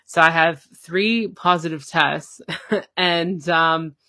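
A woman's voice: deep voice, takes it slowly, pushed and bright, dry recording, clean studio sound. A woman guest telling a personal story in casual talk, full of fillers and acted-out quotes. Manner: chatty, many fillers, acts out quoted dialogue. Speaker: podcast guest.

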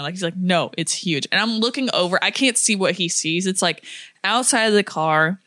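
A young woman from Florida with a fairly low voice chats away on a podcast. She tells stories loosely, full of fillers and quick laughs. Her voice sounds close and dry. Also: expressive, pushed and bright, no echo. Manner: chatty storyteller with many fillers and laughs. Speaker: podcast co-host. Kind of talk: casual chat.

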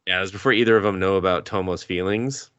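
Guy with a lowish voice doing a sweary laughing anime recap, dry sound. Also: quick pace, fairly bright tone, smooth, dry recording, highs cut off. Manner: swears a lot, laughs while retelling scenes. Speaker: podcast host.

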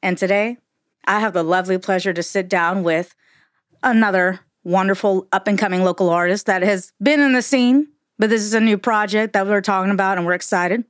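A woman's voice: mid-range voice, a little fast, no echo, clean studio sound. A woman hosting a podcast, bubbly and playful, with folksy sayings. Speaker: podcast host. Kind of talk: casual podcast interview.

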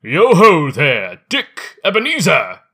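A man voicing a jovial, stout old male merchant who shouts merrily in a rich, oily voice. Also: huge pitch swings, slow pace, breathy edge, full character voice. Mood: boisterous. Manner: shouting merrily, high-pitched.

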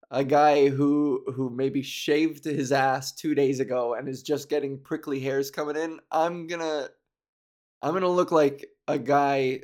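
Slow-talking man, slightly high voice. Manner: animated, laughs often, mimics others mockingly. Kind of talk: casual monologue.

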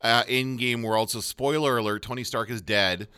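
A man co-hosting a casual podcast chat about movies, rambling and pausing to look things up. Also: medium pitch, steady tone, bright, forceful tone, clear, resonant tone. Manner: rambling, looks things up mid-talk. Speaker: podcast co-host.

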